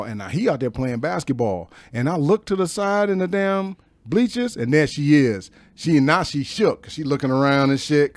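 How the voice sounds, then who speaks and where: A man in his fifties, a guest on a podcast, telling stories in a slangy, profane, animated way in a studio. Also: medium pitch, dry recording. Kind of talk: casual storytelling.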